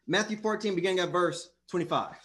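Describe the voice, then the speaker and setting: A man preaching a Bible-study sermon, lively and theatrical, acting out voices of people in the stories. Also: sits high, quick pace. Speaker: preacher and teacher.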